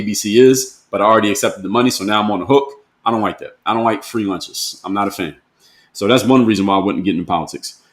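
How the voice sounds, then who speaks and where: Low-ish voiced guy ranting casual and blunt, lots of slang, roomy echo around him. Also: a bit bright. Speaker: motivational speaker. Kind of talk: casual monologue to camera.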